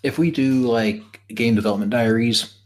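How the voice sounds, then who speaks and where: This stream host speaks at a moderate pace in a medium-pitched, slightly mellow voice. His casual group chat wanders with jokes, filler words and false starts.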